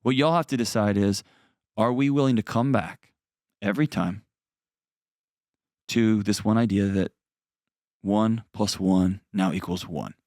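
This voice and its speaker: A man's voice: fairly low pitch, measured pace, long pauses, a little mellow, dry recording. A middle-aged man with a drawl counsels a caller on his advice show. He sounds earnest and plainspoken, with folksy asides. The recording is close and dry, with no room sound. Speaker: host.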